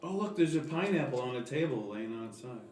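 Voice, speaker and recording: A man chatting casually as a player in a tabletop game, halting and repeating himself. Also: medium pitch, expressive, darkish tone, recorded from a distance, a little hiss or hum. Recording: echoey room with the speaker away from the mic.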